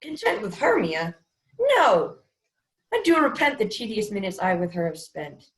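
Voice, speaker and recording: A woman's voice: medium pitch, big pitch swings, fairly quick, natural voice. A young woman playing an impulsive, ardent young man, speaking earnest verse in an amateur student Shakespeare performance over an online call. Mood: passionate. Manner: earnest verse delivery, often soft. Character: ardent young male lover, impulsive and fickle. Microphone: video call.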